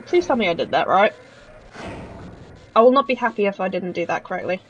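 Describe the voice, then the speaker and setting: A woman's voice: mid-range voice, animated, fairly quick. A woman giving chatty, joking commentary while she plays a game. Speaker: let's play gamer. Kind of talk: casual gaming commentary. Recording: dull lo-fi mic with faint noise.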